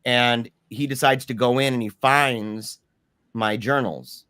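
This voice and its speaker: A man in the guest seat tells his own story in loose, informal talk, dropping "bro" and "man" as he goes. His voice sits in a middle pitch and stays earnest and emphatic. The sound is close and dry, with no room around it. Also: fairly even intonation, takes it slowly, sharp tone, clear, resonant tone, dry recording. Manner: earnest, emphatic retelling of a personal ordeal. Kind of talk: casual first-person storytelling in an interview.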